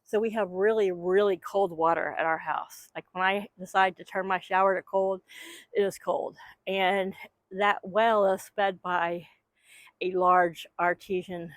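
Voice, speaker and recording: A woman's voice: mid-range voice, flat delivery, measured pace, dry recording. A woman keeping backyard chickens, chatting casually and rambling while she talks to her hens outdoors on a microphone. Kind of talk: casual vlog chat.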